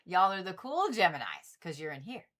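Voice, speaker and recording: A woman's voice: lowish voice, sing-song, moderate pace, a bit bright. A woman hosting a livestream, chatting casually and repetitively with viewers and swearing freely. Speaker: livestream host reading zodiac forecasts.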